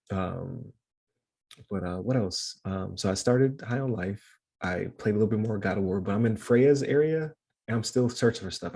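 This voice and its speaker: A man with a low, gravelly voice and a husky edge, chatting casually as a podcast co-host. He rambles along with plenty of fillers and laughs often as he talks. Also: a little mellow. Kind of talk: casual chat.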